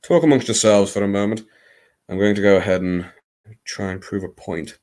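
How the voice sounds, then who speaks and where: A man's voice: on the low side, normal speed, a little mellow. A man hosting a late-night live stream, chatting in a theatrical, rambling, self-mocking way.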